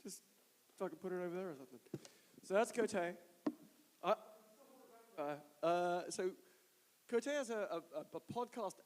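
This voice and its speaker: A man's voice: high-pitched, lively intonation, moderate pace, pauses often, darkish tone. A man hosting a live conference, introducing speakers while breaking into laughter. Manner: giggly, keeps breaking into laughter. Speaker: conference host. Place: large hall with long reverb. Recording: live conference hall reverb.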